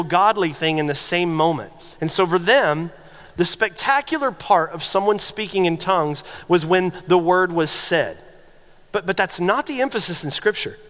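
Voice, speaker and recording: A man's voice: sits high, fairly bright tone, in a large hall. A man preaching a sermon as pastor, emphatic and teaching, often restarting with repeated words.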